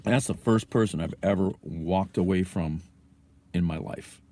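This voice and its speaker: A man's voice: low voice, unhurried, mellow. Angry, profane man ranting on a livestream. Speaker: livestream host. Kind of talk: casual livestream rant. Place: in a car.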